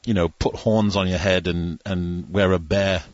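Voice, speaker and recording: A man's voice: low-pitched, fairly even intonation, measured pace, no room sound, muffled recording. A British man on a radio show as a guest broadcaster, who pokes fun at himself. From Britain. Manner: self-deprecating.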